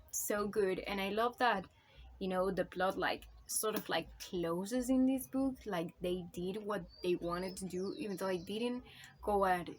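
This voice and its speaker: A woman's voice: mid-range voice, a little hiss or hum. A woman talking casually in a book review vlog, gushing and swearing a lot, rambling with constant "like" and "you know", and emotional enough to come close to tears. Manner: gushing, profane, rambling with many fillers.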